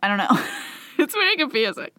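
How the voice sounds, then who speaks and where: A woman telling a story in casual chat, animated and full of asides. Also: fairly high pitch, a little fast, dry recording. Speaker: podcast co-host telling the story.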